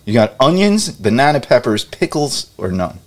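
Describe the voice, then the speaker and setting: A man's voice: mid-range voice, moderate pace. A man co-hosting a casual podcast, quizzing his friend and laughing often. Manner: laughing, animated quiz-giver. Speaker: podcast co-host. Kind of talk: casual chat.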